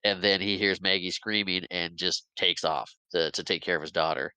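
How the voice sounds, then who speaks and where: A man's voice: low-pitched, steady tone, moderate pace, bright, forceful tone, clear, resonant tone, no echo, low-quality recording. A man casually recapping a film scene by scene on a podcast, rambling a bit and laughing often. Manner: rambling play-by-play retelling, acts out quotes, laughs often. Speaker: podcast host.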